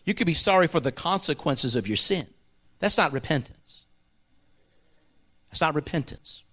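A man preaching a sermon in a high, bright, forceful voice. He presses each point hard, swinging from ringing peaks down to hushed, heavy passages. He keeps asking the congregation for agreement. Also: animated, normal speed. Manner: emphatic, swings between ringing highs and hushed lows.

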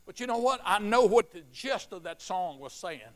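This middle-aged man preaches with a drawl. His voice sits high and bright, and he moves from hushed anecdotes to loud, fervent calls. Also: animated, normal speed. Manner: swings from quiet storytelling to shouted fervor. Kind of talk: sermon.

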